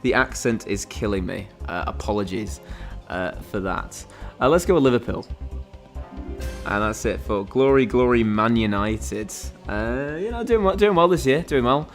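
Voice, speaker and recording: A man's voice: mid-range voice, expressive, moderate pace, soft background music. A man hosting a quiz game on a live stream, chatting casually and rambling with lots of fillers and restarts.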